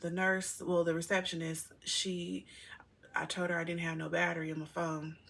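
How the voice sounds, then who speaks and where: A middle-aged woman vlogs candidly to her viewers, speaking to them as y'all. Her low voice has a gravelly, slightly husky edge, yet it sounds bright and forward. She rambles through an emotional personal story. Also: level tone, normal speed. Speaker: single mother vlogger.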